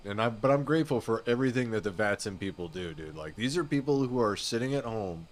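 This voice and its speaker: A man's voice: fairly low pitch, animated, fast talker. A man chatting casually on a live flight sim stream, rambling and laid-back, often saying "dude" and "you know what I mean.".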